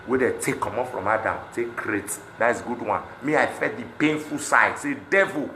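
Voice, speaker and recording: A Nigerian man with a Pidgin-inflected accent, speaking in an impassioned monologue that swings between loud outbursts and low muttering. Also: moderate pace, slight background noise. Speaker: celebrity speaking on protests. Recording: echoey room.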